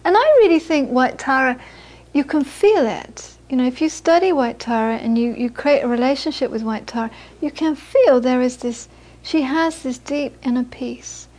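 A woman giving a Buddhist dharma talk, telling lively stories and then speaking softly about inner peace. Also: high voice, moderate pace, few pauses. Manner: storytelling, animated when quoting, soft and hushed on inner peace. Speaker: Buddhist teacher.

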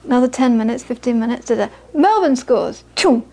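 Middle-aged woman, a Buddhist teacher with a high voice, chatty storytelling talk full of restarts. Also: lively intonation, fairly quick, creaky, warm tone. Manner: chatty storyteller, many restarts and repeated words. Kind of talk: informal dharma talk with anecdotes.

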